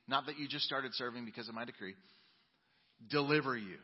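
A male pastor preaching a sermon, reading scripture dramatically and swinging between booming emphasis and soft asides. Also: fairly quick, long reverb tail, highs cut off. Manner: dramatic Bible reading with sudden loud and quiet turns. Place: church sanctuary.

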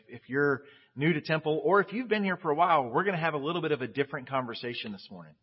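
A man's voice: medium pitch, husky. A man preaching as a pastor in a casual, candid sermon, chatty and restarting his phrases. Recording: dull lo-fi audio.

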